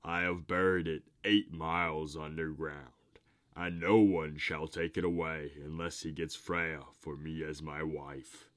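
A man playing a deep, gloating giant. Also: little pitch movement, fairly bright tone, no echo. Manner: slow, gloating boasts. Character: boastful male frost giant, greedy and gloating.

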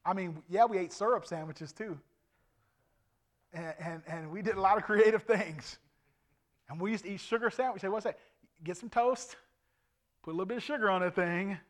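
A middle-aged man preaching his testimony as an evangelist, animated and swinging from loud to hushed. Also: sits high, moderate pace, pauses often. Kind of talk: testimony sermon.

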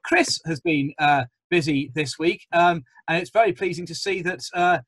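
Genial male webinar host in his forties, slightly husky, dry close video-call sound. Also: on the high side, moderate pace, fairly bright tone, no room sound, poor audio. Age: 40s. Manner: genial, chatty, with frequent ums. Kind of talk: hosting a planning webinar panel.

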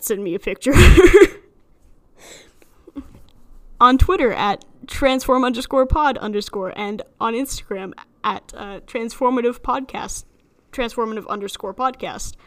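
A woman's voice: a little high, fairly bright tone. Chatty young woman with a slight lisp. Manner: chatty, rambling, self-deprecating with frequent laughs. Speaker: podcast host. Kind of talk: solo podcast monologue. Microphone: studio microphone alone in a room.

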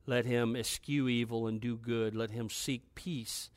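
Man, pastor, sermon, scripture reading, emphatic, rising pitch when exhorting, dry close sound. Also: fairly even intonation, a little slow, no room sound.

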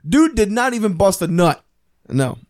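A man with a high voice tells crude, lively stories in a casual chat. The recording is dry, with no room sound. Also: normal speed, dry recording. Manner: profane, animated storytelling.

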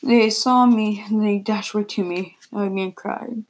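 A woman reading a first-person story aloud, plainly and a little haltingly, with repeated words. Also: mid-range voice, fairly even intonation, slight background noise, low-quality recording.

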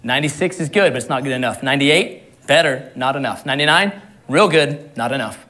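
A man delivers a sermon in an easy, talkative way, with a voice of ordinary pitch. He stumbles over and repeats words now and then, and laughs lightly at his own jokes as he preaches. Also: expressive, brisk, sharp tone. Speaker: pastor.

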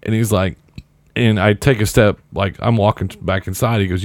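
Here a thirtysomething podcast co-host, voice on the low side and steady, spins a long, laid-back, wry story at a moderate pace. He voices other people's words along the way, and there's no echo.

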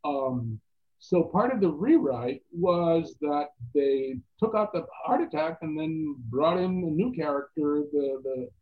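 A man telling stories as an actor guest in a casual interview, animated and quoting other people's voices. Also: a little high, measured pace. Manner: animated anecdotes with quoted voices. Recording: tinny phone-like line.

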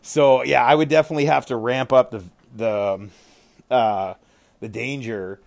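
Man, podcast host, casual chat, animated, lots of fillers and exclamations. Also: medium pitch, moderate pace, creaky.

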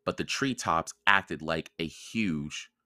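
A man reading a children's chapter book aloud for a podcast, in calm, even storytelling narration. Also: deep voice, slow, no room sound, studio quality. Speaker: podcast reader.

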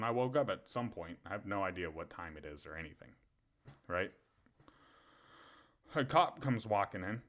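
A man's voice: lowish voice, expressive, normal speed, long pauses, fairly bright tone. A man co-hosting a podcast, telling a story in a casual, profane way and laughing often. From Pennsylvania. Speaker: podcast co-host.

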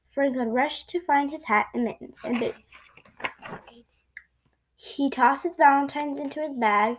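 A woman reading a children's storybook aloud in an expressive way, with small slips. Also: sits high, a little slow, long pauses, slight background noise, rough recording. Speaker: storybook reader.

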